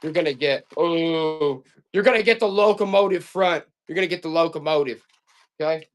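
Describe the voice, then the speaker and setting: On a live stream, an auction seller with a voice on the high side pushes vintage items at a moderate pace. He keeps up a repetitive, hyped-up sales patter with his viewers.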